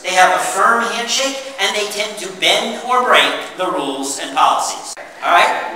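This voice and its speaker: A man giving an interactive workshop presentation, animated and drawing answers from his audience. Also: a little high, slight background noise. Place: meeting room with an audience. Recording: echoey hall, mic far off.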